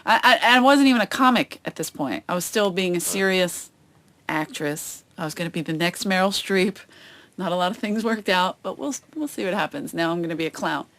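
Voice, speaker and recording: A woman comedian chatting as a podcast guest, telling stories with lively acted-out quotes. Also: fairly low pitch, brisk. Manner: animated storytelling, acts out quoted voices. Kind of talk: casual chat. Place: outdoors on a boat.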